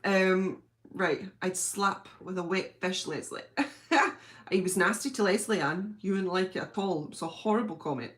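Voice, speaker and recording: A woman with a British accent hosting a live stream from home, chatting casually and reading out viewer comments in a gushing, excitable way. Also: on the low side, normal speed. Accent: British English.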